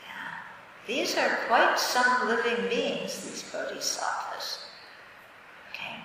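A woman Buddhist teacher giving a dharma talk, telling stories in a plain, direct and measured way. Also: on the high side, animated, pushed and bright, a little hiss or hum. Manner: conversational storytelling with light laughter. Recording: echoey hall from far off.

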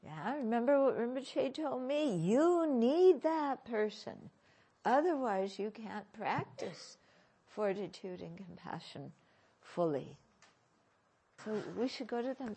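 Slow, husky woman giving a dharma talk. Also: a little high, expressive. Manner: questioning, gently humorous. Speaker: Buddhist teacher.

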